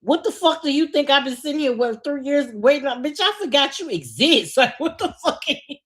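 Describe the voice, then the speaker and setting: A woman podcast host, talking bluntly and laughing through her rants. Her voice sits a touch high for a woman. The chat is loose and profane. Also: a little fast. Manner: animated venting. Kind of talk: casual chat.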